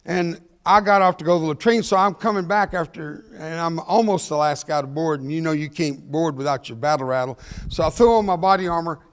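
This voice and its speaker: Older man with a lively, joking delivery. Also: high voice. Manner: animated, jokey, laughs at his own punchlines; talks fast. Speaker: motivational speaker. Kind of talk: humorous storytelling talk.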